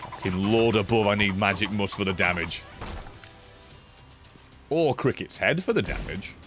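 A young man commentating his own gameplay on a live stream, profane and animated, grumbling then yelling at the game. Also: on the low side, moderate pace. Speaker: gaming streamer. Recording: game music behind voice.

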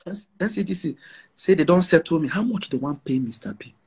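A brash, defiant man from northern Nigeria, with a Nigerian accent, boasts during an interview and repeats phrases for emphasis. His fairly high voice is animated and brisk, with a darkish tone and a breathy edge.

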